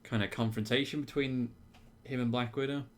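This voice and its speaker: A man's voice: mid-range voice, fairly even intonation, a little fast. A man co-hosting a podcast, giving dry, wry remarks in a casual film review chat. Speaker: podcast co-host.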